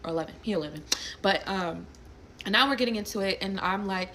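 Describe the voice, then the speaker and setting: A young woman tells a personal story straight to camera in an animated, blunt way, with plenty of swearing. Her voice sits at a middle pitch, and a faint hiss runs underneath. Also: quick pace. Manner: animated, blunt, swears freely, acts out quotes. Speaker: storyteller recounting a personal incident. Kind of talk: casual storytime monologue.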